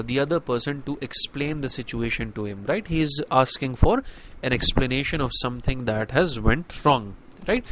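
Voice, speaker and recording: A man's voice: mid-range voice, a little hiss or hum. A young man giving a university lecture, explaining step by step with many fillers and frequent rhetorical "right?" checks.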